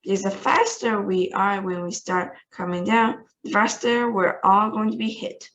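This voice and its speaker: A woman reading a storybook aloud, voicing an eccentric, excitable male chocolatier in a bouncy, theatrical way. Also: medium pitch, normal speed, highs cut off, lightly acted. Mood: excited.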